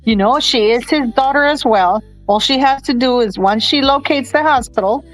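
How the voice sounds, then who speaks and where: A woman's voice: sits high, faint music behind, low-quality recording. A woman talking in a casual livestream chat, emotional and indignant, often stumbling and restarting her sentences. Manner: halting, many restarts, tearful and indignant. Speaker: commentator on a livestream.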